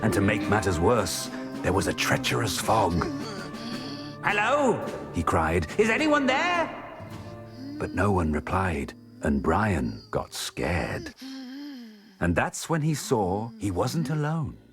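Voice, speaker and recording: A man narrates a dark fairy tale in rhyme, taking his time over each phrase. His voice swoops through a wide range. A film score plays clearly behind him. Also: low-pitched, sing-song. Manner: slow, dramatic rhyming storytelling. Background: orchestral music.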